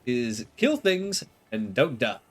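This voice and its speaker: A man's voice: mid-range voice, sing-song, husky, soft background music. A man giving casual gameplay commentary, chatty and a bit self-mocking, his voice stuffy from the flu. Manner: chatty, self-deprecating, lots of pauses. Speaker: gaming video creator.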